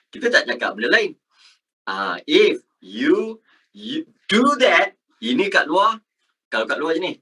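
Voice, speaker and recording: Male teacher with a Malaysian accent, high and very bright, slow and animated, heard from a distance. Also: husky. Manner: animated, swings between soft asides and loud emphatic calls. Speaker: English teacher. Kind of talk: live online class, Malay-English code-switching.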